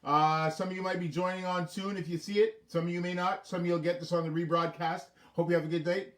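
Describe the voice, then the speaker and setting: A man's voice: high-pitched, flat delivery, quick pace, roomy sound. A man hosting a homemade late-night show from his basement, telling corny jokes and laughing at his own punchlines. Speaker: host of a home talk show. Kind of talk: jokey late-night monologue. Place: home basement.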